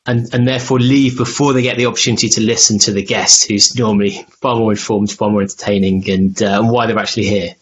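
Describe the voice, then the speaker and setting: A man's voice: on the low side, steady tone, fast talker, muffled recording, a little hiss or hum. A man hosting a podcast in casual chat, rambling and self-deprecating. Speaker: podcast host.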